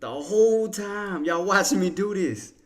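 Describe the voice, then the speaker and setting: A man's voice: high voice, animated, measured pace. A man hosting a trading livestream, joking and laughing with his chat in loose, slangy banter. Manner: laughing, teasing banter with viewers. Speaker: stock trading livestream host. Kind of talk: casual livestream commentary to chat.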